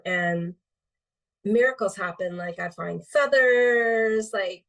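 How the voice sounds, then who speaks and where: A woman speaking as a healing medium guest in a relaxed interview, rambling with many fillers. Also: mid-range voice, slow, distant mic. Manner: meandering, filler-heavy, lots of um and like.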